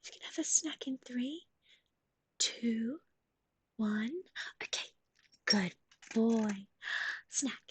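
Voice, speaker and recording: A young woman streaming live, whispering softly and cooing in baby talk to her dog while chatting with viewers. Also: on the high side, slow, pauses often, husky. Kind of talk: ASMR livestream chat.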